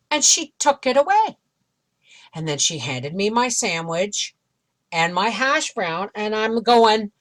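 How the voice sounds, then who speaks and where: A woman's voice: fairly high pitch, sing-song, measured pace. A middle-aged woman vlogger animatedly retelling a frustrating experience in a casual storytelling way. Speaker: homestead vlogger.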